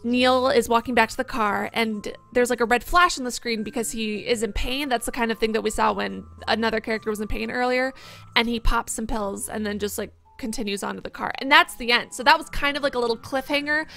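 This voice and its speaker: A woman's voice: fairly high pitch, steady tone, gravelly, pushed and bright. A woman hosting a let's play, chatting casually and playfully as she comments on the game and cracks jokes. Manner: playful, jokey, quick to exclaim.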